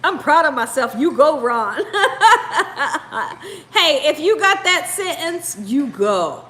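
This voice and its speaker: A woman's voice: high-pitched, animated, takes it slowly, sharp tone. A woman hosting a live cooking stream, chatting casually with viewers, laughing often and sounding tired. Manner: giggly, laughs often while reading comments. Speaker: cooking show host.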